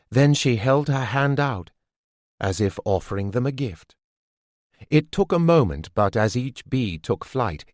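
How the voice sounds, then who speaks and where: A man reading a fantasy audiobook as scripted narration, in a measured, deliberate way. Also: medium pitch, dry recording, clean studio sound.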